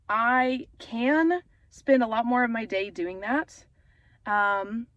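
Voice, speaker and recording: A woman's voice: a little high, dry recording, muffled recording. A young adult woman talking casually in her parked car, rambling with fillers and getting emotional. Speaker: author and vlogger. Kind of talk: casual vlog talk.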